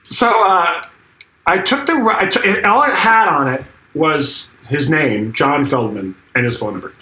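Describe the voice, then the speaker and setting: Unhurried yet sharp-toned, a middle-aged guest drummer speaks in a slightly high voice with lively intonation. He tells a casual story in the interview, acting out quotes and swearing freely, recorded in an echoey room with faint noise.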